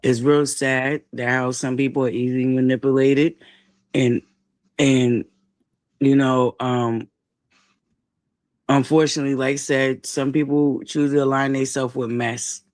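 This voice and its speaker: A man joining a livestream as a guest, speaking earnestly and warmly praising the host in a preacherly way. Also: mid-range voice, level tone, unhurried, pauses often, no echo. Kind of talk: encouraging livestream talk.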